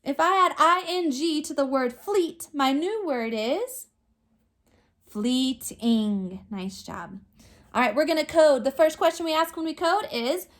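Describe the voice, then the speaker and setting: A woman teacher giving a remote phonics lesson to young children, sounding out words slowly with patient step-by-step prompts. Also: sits high, fairly bright tone.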